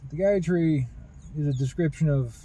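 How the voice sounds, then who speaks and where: A man talking in a rambling personal monologue about spiritual ideas, earnest and halting, with many restarts. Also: fairly high pitch, mellow, slight background noise, rough recording. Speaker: spiritual video host.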